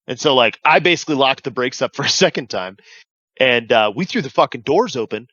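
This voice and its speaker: Animated profane man telling war stories. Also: medium pitch, brisk, no room sound, highs cut off. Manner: profane, animated, acts out radio calls. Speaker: veteran guest telling stories. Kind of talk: casual podcast storytelling.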